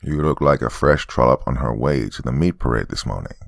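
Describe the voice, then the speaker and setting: A man voicing a spiteful male cleaning robot that trades in flat, crude insults, with a deep, gravelly voice. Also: brisk, no echo, studio quality, heavily acted. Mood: sneering.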